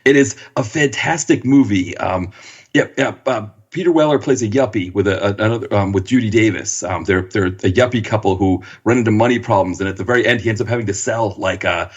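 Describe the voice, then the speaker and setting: A man's voice: lowish voice, a little fast, breathy edge, dull audio. A man co-hosting a casual movie podcast, rambling with many restarts as he searches for words. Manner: rambling, hesitant, fillers and restarts. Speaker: podcast co-host. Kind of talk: casual chat.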